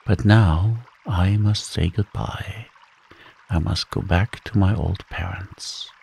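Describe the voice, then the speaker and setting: A man voicing an earnest, dutiful young fisherman in a calm, slow bedtime story reading. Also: deep voice, gravelly, slight background noise, exaggerated voice.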